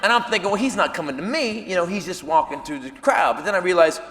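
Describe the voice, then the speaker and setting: A middle-aged man doing a stand-up comedy set, telling a story in a loud, animated way with shouted punchlines. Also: sits high, fast talker. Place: comedy stage before a live audience. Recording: live hall recording with audience noise.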